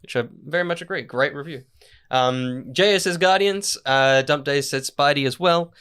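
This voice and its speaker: A man's voice: fairly high pitch, moderate pace, a bit bright, smooth. A man hosting a movie podcast, casually reading out listener picks with laughs and asides. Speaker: podcast host. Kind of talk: casual chat.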